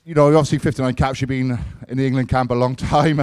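A man's voice: mid-range voice, fairly even intonation, quick pace, darkish tone, clear, resonant tone. A man hosting a live chat show, teasing his guests and swearing casually as he asks questions. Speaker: host. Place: crowded live-show venue.

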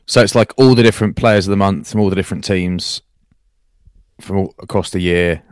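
Male co-host, low-pitched, teasing banter, close dry mic. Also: a little fast, clear, resonant tone, dry recording. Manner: teasing, chatty, animated storyteller. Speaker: co-host, rugby commentator. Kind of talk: casual podcast banter.

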